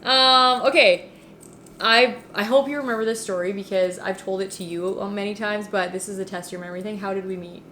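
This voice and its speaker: A woman's voice: mid-range voice, a little fast, a little hiss or hum. A woman hosting a casual chat, telling stories with lots of fillers and laughter. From Canada. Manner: animated, laughing storyteller with many "like" fillers. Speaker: host.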